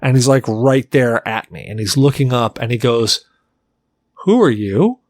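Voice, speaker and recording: Co-hosting a podcast, this man rambles through an animated anecdote in casual conversation, leaning heavily on "like." His mid-range voice moves at a moderate pace, and there's no echo.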